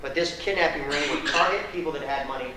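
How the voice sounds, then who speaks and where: A man giving an animated, conversational lecture, quizzing the audience and adding blunt, sarcastic asides. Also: fairly high pitch, fast talker. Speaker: guest speaker. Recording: echoey room, distant mic, faint noise.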